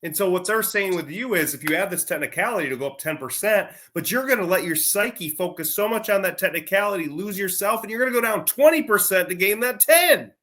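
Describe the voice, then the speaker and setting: Man, somewhat high voice, casual chat, methodical explanation. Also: expressive, a little fast, few pauses, fairly bright tone. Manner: explanatory, builds his argument point by point. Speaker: co-host.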